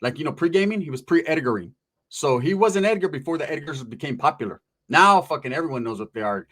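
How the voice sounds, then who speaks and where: A young man telling a rambling, profane comic story in a casual, animated way. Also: on the high side, fast. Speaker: comedic storyteller.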